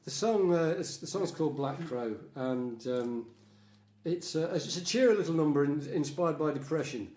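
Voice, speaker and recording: A man's voice: on the high side, animated, moderate pace, a little mellow. A man with a rambling, hesitant manner, chatting casually between songs at home as a folk musician. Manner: rambling, hesitant, with many fillers. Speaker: folk musician hosting a live stream. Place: home lounge. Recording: roomy room with instruments.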